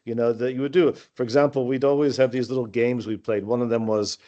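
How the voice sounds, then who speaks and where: A man's voice: mid-range voice, steady tone, quick pace, warm tone, lo-fi sound. A man, a former student, telling rambling anecdotes with lots of restarts over a video call. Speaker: former student sharing memories. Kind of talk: casual storytelling.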